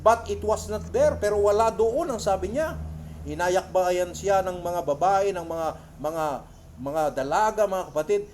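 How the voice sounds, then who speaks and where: High-voiced Filipino man preaching. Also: faint music behind. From Philippines. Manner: reads English quotes slowly and loudly, then retells them in quick Tagalog. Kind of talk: sermon. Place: church.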